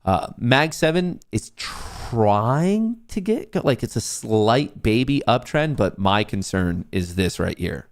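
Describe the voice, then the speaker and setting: A man's voice: mid-range voice, big pitch swings, slow pace, hardly any pauses. A young man hosting a live trading stream, ranting profanely at comments from his chat. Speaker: livestream trading host.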